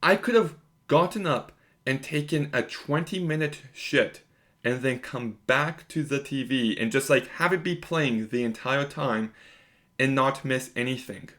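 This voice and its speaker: A man's voice: mid-range voice, measured pace, fairly bright tone. A young man giving a casual video review of a TV episode, talking emphatically with lots of filler words. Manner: emphatic, conversational, lots of "like" and "you know".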